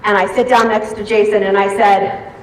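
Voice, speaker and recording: A woman giving an animated storytelling speech to a live audience in a large hall, acting out her own reactions. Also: mid-range voice, normal speed, slight background noise. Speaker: event speaker. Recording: echoey hall from far off, faint ambience.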